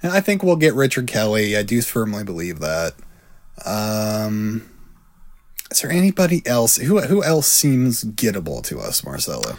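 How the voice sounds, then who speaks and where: A man's voice: fairly low pitch, very animated, moderate pace. Wry, matter-of-fact male podcaster. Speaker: podcast co-host. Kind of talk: casual chat.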